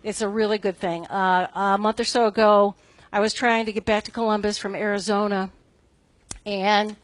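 A woman's voice: medium pitch, fairly even intonation, normal speed, no room sound. A middle-aged woman gives a casual devotional talk at a Bible study. She is conversational and self-deprecating, and often checks in with "right?".

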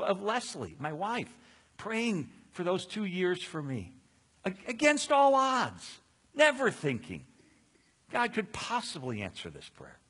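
A man's voice: fairly high pitch, husky. A middle-aged man preaching a sermon, telling stories and acting out the voices of people in them, with frequent restarts. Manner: animated, acts out quoted voices, restarts often. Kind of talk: sermon storytelling.

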